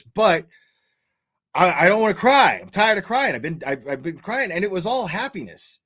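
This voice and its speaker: A man's voice: high voice, animated, a bit bright, no room sound, clean studio sound. A man, choked up and tearful as he talks on a true crime livestream, stumbling over his words and swearing freely. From Tennessee. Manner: halting, repeats words, swears often. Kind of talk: emotional livestream talk.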